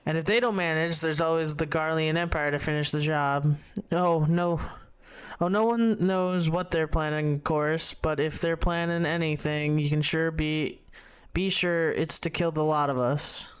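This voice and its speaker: A man reading the lines of a gruff, salty middle-aged tavern keeper from a video game, stumbling over words and restarting as he reads the dialogue aloud. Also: on the high side, fairly even intonation, a little slow, lightly acted.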